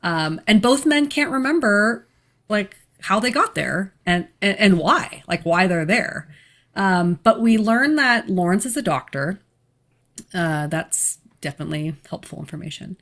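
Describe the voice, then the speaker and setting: A woman's voice: mid-range voice, expressive, unhurried, fairly bright tone. A woman co-hosting a casual podcast, recapping a horror movie plot in a chatty way with fillers and frequent laughs. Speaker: podcast co-host.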